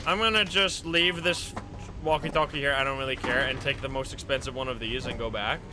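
A man streaming a game live, talking to himself and his friends in an excitable way, swearing and laughing often. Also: medium pitch, brisk, background noise. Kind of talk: casual live gameplay commentary.

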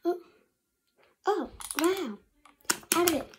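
A woman's voice: extremely high pitch, expressive, slow pace, background noise. A young female vlogger talking casually through her bedtime skincare routine, rambling and often half-whispering to herself. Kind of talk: casual get-ready-with-me vlog.

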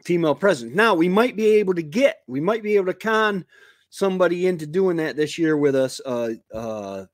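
A man's voice: a little high, expressive, brisk, dry recording, studio quality. A man in his fifties hosting a homestead live stream, chatting casually in a rambling way with lots of fillers and restarts. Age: 50s. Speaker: homestead show host. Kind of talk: casual livestream chat. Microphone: computer mic on a live stream.

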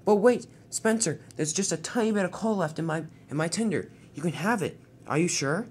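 An anxious toy express engine from a storybook, pleading in a high, strained voice that leaps up when he's frightened, as the reader puts him on. His pitch swings widely from phrase to phrase. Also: lively intonation, fairly quick, darkish tone, a little hiss or hum, close to an everyday voice. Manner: pleading, breaks into high cries.

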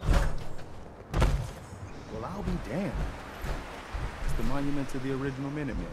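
An actor playing an earnest, dutiful male militia leader in a video game, speaking in a steady, sincere way. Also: medium pitch, moderate pace, very noisy, natural voice. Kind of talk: game character dialogue.

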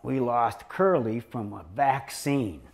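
A man's voice: mid-range voice, slow, creaky. An older man lecturing as a chiropractor, telling rambling stories in a sarcastic, joking way. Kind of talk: humorous lecture storytelling.

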